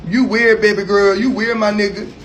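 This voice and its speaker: A taunting, sassy voice with a put-on New Orleans drawl, as a man mocks a rival while livestreaming. It sits high and keeps leaning on pet names, as if needling someone on purpose. A faint hiss hangs behind it. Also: steady tone, normal speed, fairly bright tone.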